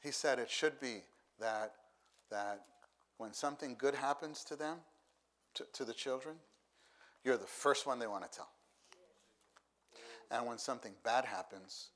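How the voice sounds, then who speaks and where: A middle-aged man preaching a sermon, unhurried, who repeats key phrases for emphasis. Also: medium pitch, fairly bright tone.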